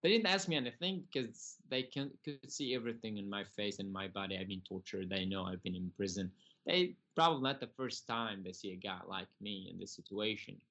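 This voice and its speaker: A young man from Syria, telling his personal story as a podcast guest in earnest, halting, broken English. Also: lowish voice, fairly bright tone.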